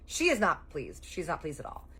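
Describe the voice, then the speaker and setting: A woman telling her viewers a story in a casual, chatty way, full of "like" and casual swearing, voicing her own reactions in high jumps. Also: wildly swooping pitch, normal speed, bright, forceful tone, a little hiss or hum.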